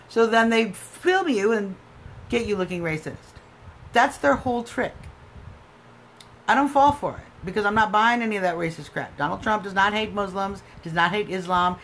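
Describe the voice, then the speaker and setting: A woman's voice: medium pitch, fairly bright tone. An American woman hosting a live political stream, arguing emphatically and answering viewer comments. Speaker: livestream host.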